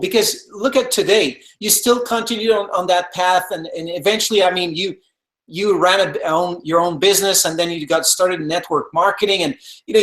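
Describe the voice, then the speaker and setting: A man's voice: high-pitched, fairly bright tone. A man hosting an interview, asking curious, carefully framed questions. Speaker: interviewer host. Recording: echoey room.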